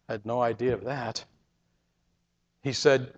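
A man telling his own story in the first person, earnest and emotional, often halting and repeating words. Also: medium pitch, fairly even intonation. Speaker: storyteller giving a testimony. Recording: reverberant, dull lo-fi sound.

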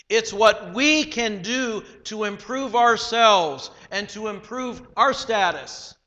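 High-voiced preacher in a reverberant hall. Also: male voice, bright, forceful tone. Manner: measured, emphatic preaching with slowed phrases. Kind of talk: sermon.

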